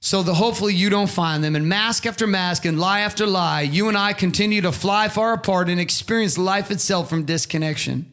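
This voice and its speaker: Brief: middle-aged male motivational speaker, emphatic and preachy, high pitch, bright tone. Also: a little fast, hardly any pauses. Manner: preachy, emphatic, swears freely. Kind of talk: impassioned motivational monologue.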